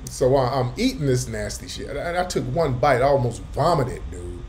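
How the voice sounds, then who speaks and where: A man hosting a casual live talk, telling a story with animated emphasis and street slang. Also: medium pitch, moderate pace, slight background noise. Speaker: host. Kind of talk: casual livestream chat.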